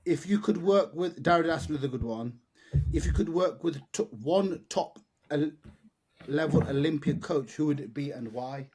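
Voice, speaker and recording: A man's voice: a little high, normal speed, a little mellow, slightly rough. A man in casual podcast chat, laid-back and defensive, using slang. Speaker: podcast co-host.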